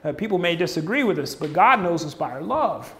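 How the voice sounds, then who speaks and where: A high-voiced man preaches a sermon in a folksy, joking way. He keeps turning to the congregation with questions and builds his points around props. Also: very animated, brisk, a bit bright, slight background noise. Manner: folksy, humorous, asks the crowd questions. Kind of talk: sermon with object lessons. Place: church stage before a congregation.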